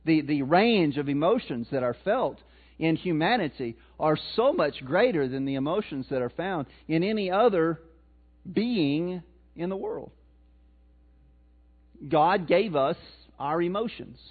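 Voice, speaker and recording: A pastor with a notably high voice preaches a sermon, chatting with his congregation and tossing questions their way. His delivery is animated and unhurried, slightly rough, and the audio sounds thin and tinny, as if heard over a phone line.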